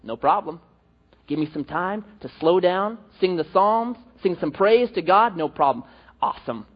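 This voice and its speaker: Brief: husky, high-voiced male preacher, animated storytelling sermon; reverberant hall, lo-fi. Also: moderate pace. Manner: animated storytelling with acted-out quotes. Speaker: pastor. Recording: echoey hall, dull lo-fi.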